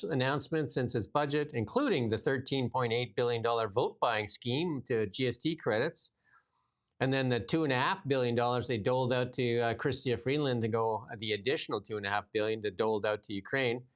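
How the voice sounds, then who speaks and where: A man's voice: medium pitch, brisk. A man hosting casual political commentary, reading news items aloud and mocking them sarcastically. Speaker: podcast host.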